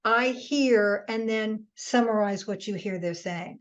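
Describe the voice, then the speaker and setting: A woman's voice: mid-range voice, a little slow, hardly any pauses, muffled recording. A woman presenter answering audience questions in a webinar, giving earnest advice with frequent restarts. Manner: earnest, advising, many restarts.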